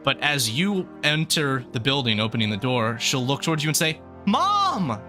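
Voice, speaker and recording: A man narrating as game master of a tabletop fantasy game, relaxed with frequent pauses. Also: mid-range voice, faint music behind. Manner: relaxed, lots of filler pauses.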